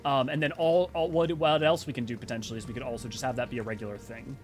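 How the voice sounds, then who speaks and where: A man's voice: medium pitch, fairly even intonation, fast talker, faint music behind. A man hosting a stream, chatting casually and rambling with frequent restarts. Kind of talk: casual chat.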